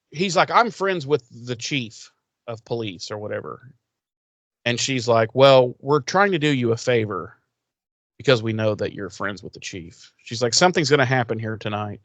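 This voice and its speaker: A man's voice: medium pitch, a bit bright, dry recording. A podcast co-host man recapping a TV episode in rambling casual chat, acting out the characters' lines and swearing freely.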